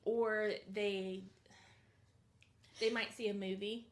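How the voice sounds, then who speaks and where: A woman's voice: mid-range voice, level tone. Agreeable woman in an echoey room. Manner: agreeable, chimes in with short affirmations and quick laughs. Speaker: podcast co-host. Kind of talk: casual chat. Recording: echoey room with faint noise.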